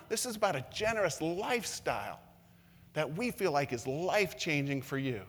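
Earnest pastor preaching in a reverberant hall. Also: male voice, fairly high pitch. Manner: earnest, repetitive, swings from loud emphasis to soft intimacy. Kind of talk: sermon. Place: church room with long reverb.

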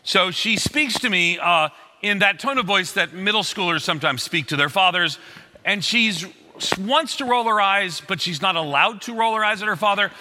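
A middle-aged man preaching in a large hall, his voice bright and cutting with a high, lively pitch. He tells stories with animated, acted-out quotes, and a long reverb trails behind each phrase. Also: normal speed, a little hiss or hum. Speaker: pastor. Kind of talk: sermon.

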